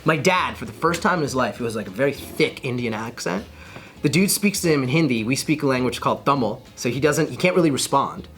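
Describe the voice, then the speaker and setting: A man's voice: mid-range voice, expressive, fast talker, fairly bright tone. A man in his thirties with an American accent, chatting as a podcast guest and acting out other people's voices as he tells stories. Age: 30s. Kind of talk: casual chat.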